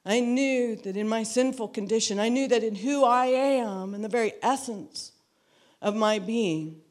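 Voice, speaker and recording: A woman with a mid-range, slightly mellow voice gives a personal testimony to a church. Earnest and reflective, she repeats phrases for emphasis and performs the quoted dialogue within her story.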